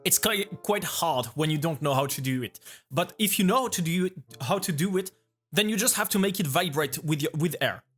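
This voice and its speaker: French-accented man reacting casually, a bit high-pitched, stops and restarts to explain. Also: lively intonation, a bit bright, breathy edge, soft background music. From France. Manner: halting, restarts often, explains patiently. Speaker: vtuber reacting to a video.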